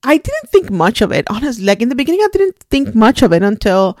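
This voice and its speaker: A woman in her forties, hosting a podcast, telling a personal story in a somber, reflective and halting way. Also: a little high, sing-song, a little mellow, no room sound, studio quality. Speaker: podcast host.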